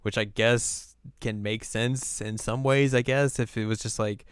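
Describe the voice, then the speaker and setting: A man's voice: lowish voice, steady tone, a little slow, clear, resonant tone, no room sound, clean studio sound. A man co-hosting a podcast, casually recapping an anime episode and slipping into playful voices for the characters. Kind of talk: casual chat.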